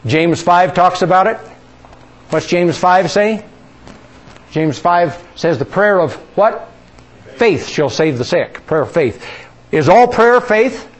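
Taking his time and leaving long pauses, a male preacher addresses his congregation with questions and draws answers from them. Key words come out soft and low.

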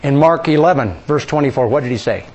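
A male preacher giving a sermon, questioning the congregation and drawing answers, dropping soft and low on key words. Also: animated, fast talker.

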